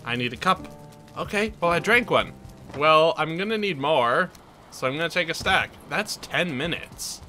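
A man with a slightly high, bright and forceful voice narrates his gameplay in a chatty, self-mocking way. He talks the listener through his virtual house like a cheerful tour guide, with faint music playing underneath. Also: expressive, moderate pace. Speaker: gaming channel host. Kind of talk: let's play commentary.

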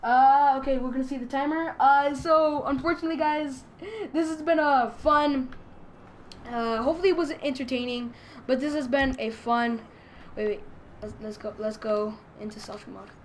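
A young woman giving excitable, crude, giggly let's play commentary as a gaming YouTuber. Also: high-pitched, moderate pace, a little hiss or hum.

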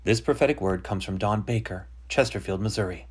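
Man, husky tone, channel host reading a prophecy and praying with earnest devotion. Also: lowish voice, a little fast, hardly any pauses. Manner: earnest, devotional, repeats phrases in prayer.

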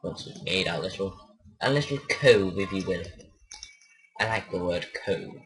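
Pitched low and animated, this let's play host's voice moves at a measured pace. He rambles and mumbles while playing, sounding self-conscious and unsure, and keeps losing track of what he was saying.

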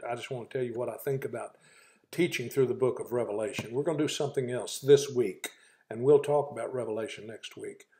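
A man hosting a daily devotional as a pastor, earnest and folksy, with frequent fillers and slow, emphatic scripture reading. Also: medium pitch, mellow. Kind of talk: devotional talk.

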